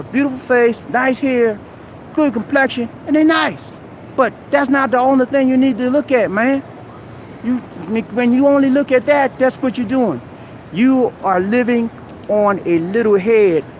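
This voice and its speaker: A man with a strikingly high voice hosts a live stream from outside a busy mall. He lectures his viewers in a preachy, exhorting way and keeps calling them "man". Faint street and traffic noise sits behind him. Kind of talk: motivational advice rant. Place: outdoors at a busy shopping mall.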